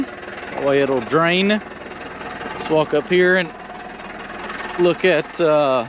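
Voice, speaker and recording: A man's voice: on the high side, very slow, pauses often, background noise. Out-of-breath man on a muddy job site. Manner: plainspoken, thinking aloud with fillers. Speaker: land clearing operator. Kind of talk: casual walk-and-talk vlog. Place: outdoors at a wooded clearing job site. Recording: dull lo-fi outdoor camera audio.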